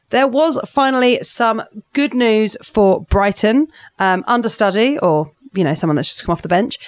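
A woman's voice: on the low side, no echo. A woman hosting a football podcast, chatting playfully and reading out results in a self-mocking way. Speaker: podcast host. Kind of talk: casual podcast chat and results roundup.

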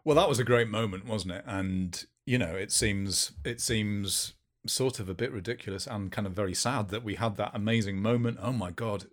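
A man's voice: on the low side, normal speed. A man co-hosting a casual football chat, teasing his colleagues. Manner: teasing, banter-heavy. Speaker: podcast co-host.

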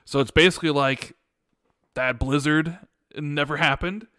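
Chatty Midwestern podcast host. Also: male voice, fairly high pitch, unhurried, sharp tone, clear, resonant tone, no echo, studio quality. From Chicago area, USA. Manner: chatty, upbeat, repeats himself. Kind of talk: casual chat.

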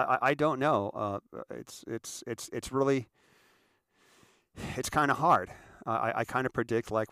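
Animated male author, casual anecdotes, repeats himself, dry close recording. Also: fairly low pitch, no echo. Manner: animated, repeats words, quick asides. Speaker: author answering audience questions.

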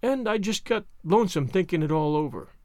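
Male reader doing a restrained older farm woman, slow, wistful, storybook. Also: sits high, animated, darkish tone, no room sound, clean studio sound. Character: stern older farm woman, reserved but loving.

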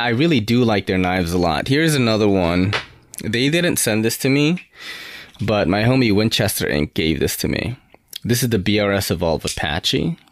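A man's voice: on the low side, dry recording, clean studio sound. A young man casually reviewing knives on his podcast, laid-back and swearing often. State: slightly out of breath. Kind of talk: casual knife review chat.

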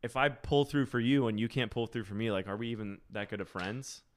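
A man's voice: mid-range voice, a little fast. A young man chatting casually as a podcast guest, telling rambling stories and laughing often.

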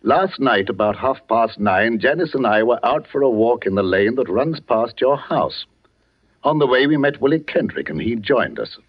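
An earnest, fatherly village vicar, played by a man in a vintage radio drama. He speaks with measured authority and a lively swing of pitch. The recording is dull and lo-fi. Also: close to an everyday voice. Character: worried older male village vicar, fatherly. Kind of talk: 1940s radio acting.

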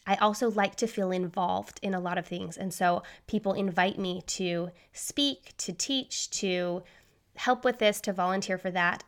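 A woman in her thirties hosting a solo podcast, talking quickly by her own account. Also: mid-range voice, a bit bright. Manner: fast-talking, says so herself. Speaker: podcast host.

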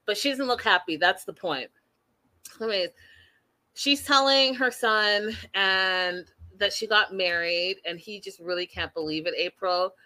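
A woman hosting a casual recap chat over a video call, animated and talking straight to her co-host. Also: medium pitch, unhurried. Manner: animated, acts out quotes, addresses co-host by name. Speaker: podcast host.

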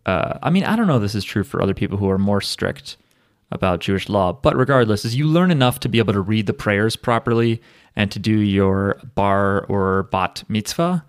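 Low-voiced joking man on a podcast. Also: a little fast, smooth, dry recording, clean studio sound. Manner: joking, rambling with fillers. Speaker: podcast co-host. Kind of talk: casual podcast chat.

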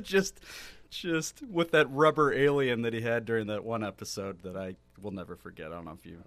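A man co-hosting a casual sports chat, cracking dry, deadpan jokes. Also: medium pitch, brisk, hardly any pauses, no room sound. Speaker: podcast co-host.

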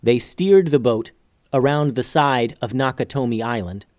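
A man narrating an adventure storybook in a steady, measured way. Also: medium pitch, no echo, studio quality.

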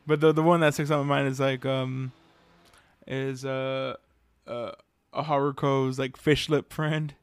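A man's voice: medium pitch, unhurried, clear, resonant tone, no room sound. Laid-back hesitant man, dry sound. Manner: relaxed, hesitant, trails off. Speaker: podcast co-host. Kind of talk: casual anime review chat.

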